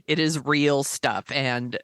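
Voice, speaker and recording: A woman's voice: a bass voice, fairly even intonation, slow, a bit bright, clear, resonant tone, dry recording, studio quality. A woman with an American accent co-hosting a podcast, blunt and wisecracking, with profanity in casual chat. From United States. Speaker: podcast co-host.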